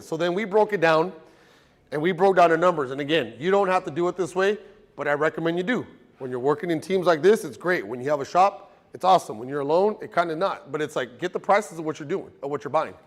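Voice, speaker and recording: A man runs a car detailing class in front of a live group. His voice sits a bit high. He teaches in a loose, joking way, with plenty of stories. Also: long reverb tail. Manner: casual, joking, storytelling.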